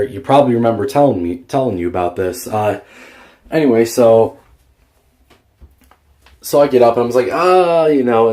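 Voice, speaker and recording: A man's voice: medium pitch, a little mellow. A man vlogger telling a childhood story in a rambling, casual way, swearing and filling with "uh" and "like". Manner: rambling, profane, many fillers.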